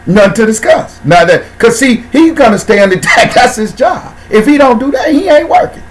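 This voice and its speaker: A man hosting a casual talk show, speaking in slang and shouting out viewers by name. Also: extremely high pitch, animated, a little fast, low-quality recording. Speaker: host.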